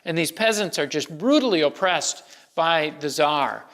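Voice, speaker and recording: Pastor preaching in a reverberant church. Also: male voice, fairly high pitch, lively intonation, a little slow, a bit bright. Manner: conversational, with many restarts and fillers. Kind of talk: sermon. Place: church sanctuary.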